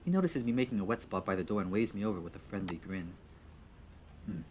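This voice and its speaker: A man with a fairly low voice reads the text of a visual novel aloud. He often trips over words, restarts his lines and chuckles at his own slips. A faint background hiss sits under the whole recording. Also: expressive, fairly quick. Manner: stumbles, restarts, chuckles at himself. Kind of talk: reading game text aloud with asides.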